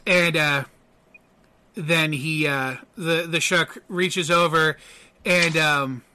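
A man narrating a tabletop game as game master, halting and full of fillers. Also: a little high, steady tone, bright, forceful tone, slight background noise.

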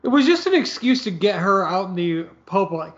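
A man's voice: high-pitched, big pitch swings, moderate pace. A man chatting casually about a movie, rambling and hedging with lots of fillers. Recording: slightly dull lo-fi audio.

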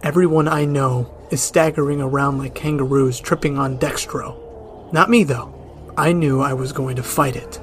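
A man giving dramatic, measured narration of a first-person horror story, grim and drawn out. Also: medium pitch, fairly even intonation, slight background noise.

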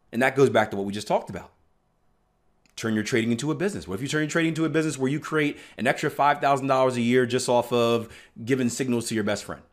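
A man teaching about trading in a motivational way, emphatic and repetitive, often checking in with "right?". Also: mid-range voice. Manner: emphatic, repeats "right?" often, bursts of loud stress. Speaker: trading coach.

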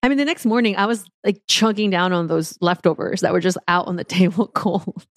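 A woman's voice: fairly low pitch, a little fast, dry recording, studio quality. Playful woman podcast host. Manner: playful, joking, laughs along. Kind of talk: casual chat.

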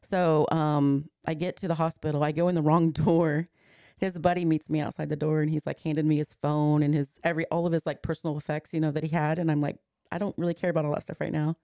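Speaking quickly, a podcast guest in her forties earnestly walks through a personal story one event at a time, voicing other people's words along the way. Her deep, warm voice has a gravelly edge and little pitch movement. The audio is close-miked and dry, with no room around it.

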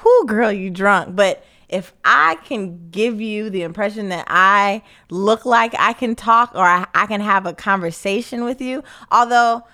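Animated bright-voiced woman co-host. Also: mid-range voice, a little slow, hardly any pauses. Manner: animated, self-mocking storyteller. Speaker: podcast co-host. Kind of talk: casual chat.

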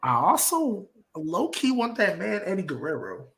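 A laid-back man chats on a group podcast, repeating phrases as he goes. His voice is bright and mid-pitched, with faint noise behind him. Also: huge pitch swings, normal speed. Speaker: podcast co-host. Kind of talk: casual group chat.

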